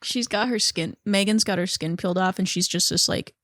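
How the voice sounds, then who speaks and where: A woman's voice: medium pitch, brisk, a bit bright, no room sound, studio quality. A woman co-hosting a podcast, chatting casually with plenty of "like" fillers, frequent laughter and casual swearing. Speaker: podcast co-host. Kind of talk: casual chat.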